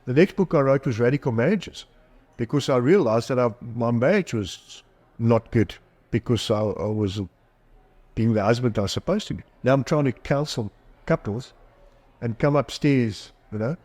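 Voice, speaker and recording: On a podcast, a middle-aged psychologist and author shares candid, self-mocking anecdotes about himself and voices the characters he quotes. His voice is mid-range and a little mellow, delivered at a normal speed.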